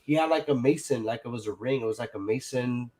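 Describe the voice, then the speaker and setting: Against slight background noise, a man with a dark, medium-pitched voice talks fast, rambling through a personal story in casual chat. He swears liberally, says "like" and "you know" constantly, and acts out other people's lines.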